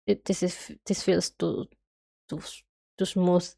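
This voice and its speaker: A woman's voice: fairly low pitch, level tone, measured pace, creaky, mellow, slightly rough. A young woman streamer chatting casually and rambling nonstop while she draws, her nose stuffy. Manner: rambling, chatty, self-described yapping.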